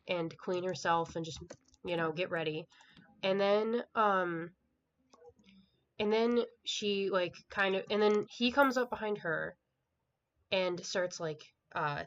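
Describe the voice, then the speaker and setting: A woman reviewing a book in a casual vlog, recapping the plot in a rambling way with lots of filler words and an exasperated, dismissive tone. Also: on the low side. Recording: dull lo-fi home recording with faint hiss.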